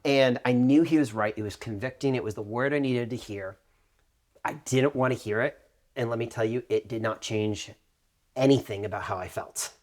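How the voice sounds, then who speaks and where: Animated man telling a personal story. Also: mid-range voice, moderate pace. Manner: animated storytelling, acting out quoted voices. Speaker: podcast co-host. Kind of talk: conversational testimony.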